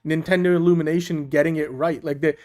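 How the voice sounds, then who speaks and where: A man's voice: a little high, fairly even intonation, fast, a little mellow. Upbeat man co-hosting a chat show. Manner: upbeat, laughs often, frequent restarts. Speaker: co-host. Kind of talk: casual chat.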